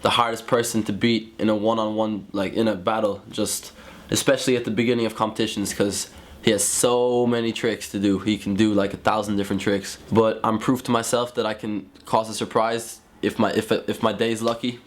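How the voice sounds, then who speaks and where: A man's voice: lowish voice, flat delivery, fairly quick, soft background music. Young man, rambling casual talk, fillers, roomy echo. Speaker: freestyle footballer. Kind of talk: documentary interview.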